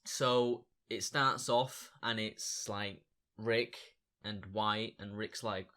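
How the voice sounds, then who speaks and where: A young man chatting excitedly and casually as he reviews a comic book issue for his viewers. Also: fairly low pitch, drawn-out words. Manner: excitable, chatty, fan enthusiasm.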